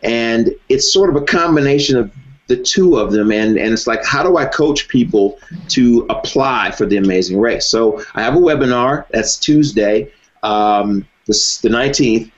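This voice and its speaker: Man talking in a measured, easygoing way. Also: medium pitch. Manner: measured, frequent "you know" fillers. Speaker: guest, former reality race contestant. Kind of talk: conversational interview. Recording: dull lo-fi recording.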